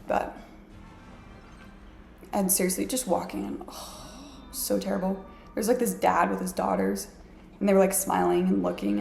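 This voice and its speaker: A woman's voice: medium pitch, moderate pace, creaky, pauses often, darkish tone, faint music behind. A woman vlogging from her apartment, telling a story in a chatty, self-mocking way with lots of "like". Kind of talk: casual storytelling to camera. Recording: echoey room.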